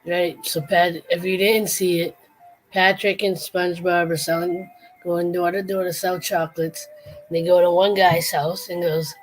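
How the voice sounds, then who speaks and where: Chatty woman with a lowish voice. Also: little pitch movement, normal speed. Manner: rambling, chatty, with frequent restarts. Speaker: livestream host. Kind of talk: casual late-night livestream chat.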